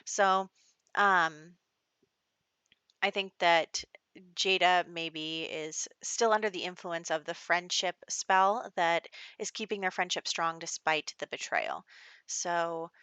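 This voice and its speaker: A woman gives casual let's-play commentary on a life-simulation game, chatting along with lots of "like" and "you know." Her fairly low voice is slow and fairly even, yet pushed and bright, smooth, with no echo.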